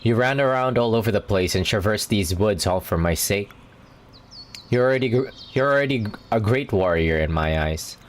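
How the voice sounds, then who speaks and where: A man's voice: fairly low pitch, normal speed, a little hiss or hum, natural voice. A man reading a pushy young woman's game lines. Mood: plain reading. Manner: reads lines flatly with stumbles. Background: game music.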